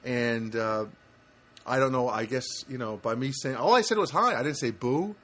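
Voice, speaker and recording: A man's voice: mid-range voice, lively intonation, moderate pace, fairly bright tone. A man hosting a homemade podcast from his apartment, chatting casually and telling stories with lots of fillers and self-corrections. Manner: rambling storyteller with many fillers and self-corrections. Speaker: podcast host. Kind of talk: casual solo podcast chat. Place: home studio apartment. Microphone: homemade podcast setup.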